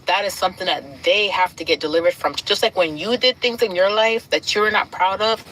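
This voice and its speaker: A woman's voice: mid-range voice, a little fast, fairly bright tone, slight background noise, rough recording. A woman preaching emphatically to an audience, building her points in rhythmic repeated lists. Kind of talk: sermon-like encouragement to an audience.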